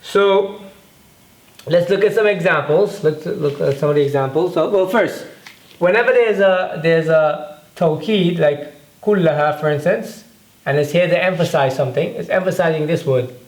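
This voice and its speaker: A man's voice: on the high side, normal speed. A man teaching a grammar lesson in a patient way, often repeating words and checking in with "okay?". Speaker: Arabic teacher. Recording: echoey room.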